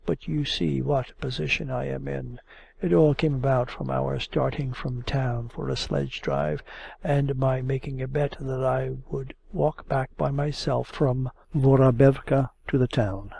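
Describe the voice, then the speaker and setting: A man's voice: mid-range voice, steady tone, unhurried, gravelly, mellow, slightly rough, full character voice. A man voicing a timid yet capricious young woman in an audiobook, pleading and coaxing. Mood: polite. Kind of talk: audiobook character reading.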